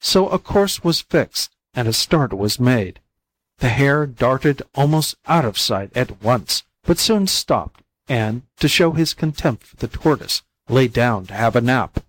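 A man reading fables aloud as a volunteer audiobook narrator, in plain, even storytelling. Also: medium pitch, a little slow, dry recording, poor audio.

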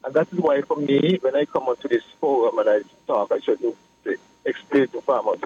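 A man, a political guest explaining his views in a measured way on a radio talk show. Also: mid-range voice, mellow, husky. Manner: measured, explanatory, repeats phrases. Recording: muffled radio broadcast with faint hiss.

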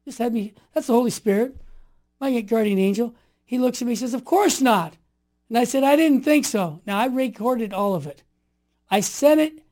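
A man in his sixties telling stories in conversation, emphatic and animated, dropping to quiet asides and rising to forceful exhortations. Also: extremely high pitch, a little fast. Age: 60s. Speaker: guest. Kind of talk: storytelling in conversation.

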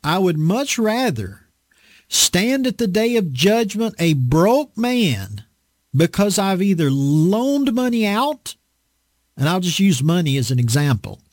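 A man's voice: high-pitched, sing-song, slow pace, dry recording, studio quality. A man preaching a casual, conversational sermon, folksy and emphatic, often repeating his points.

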